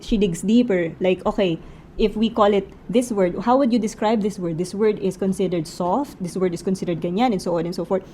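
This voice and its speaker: A woman's voice: medium pitch, warm tone, a little hiss or hum, poor audio. A woman with a Filipino accent giving a casual book review, talking it through in a conversational way and asking lots of rhetorical questions.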